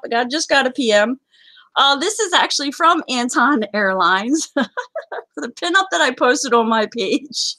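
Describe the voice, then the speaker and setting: A woman's voice: high-pitched, sharp tone, no echo, poor audio. A woman hosting a casual live game show, chatty and rambling, often apologizing. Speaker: livestream host.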